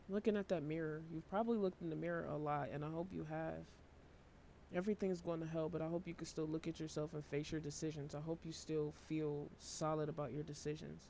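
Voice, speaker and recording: A worn-out man giving a casual tarot reading to camera, talking in a flat, low-energy monotone and swearing casually. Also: gravelly, slight background noise. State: emotionally worn out. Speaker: tarot reader.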